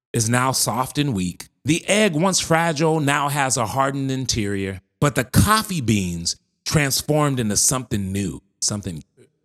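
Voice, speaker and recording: A man's voice: medium pitch, fairly bright tone. Emphatic male motivational speaker. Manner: slow, emphatic, with dramatic pauses. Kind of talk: motivational speech.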